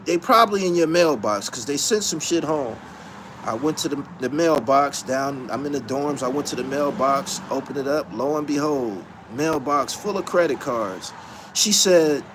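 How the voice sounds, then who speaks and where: Man host, high, very lively delivery, profane storytelling with frequent laughs, faint noise in the background. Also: unhurried. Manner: laughing, profane, swings from low mutter to high excited yelps. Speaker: podcast host.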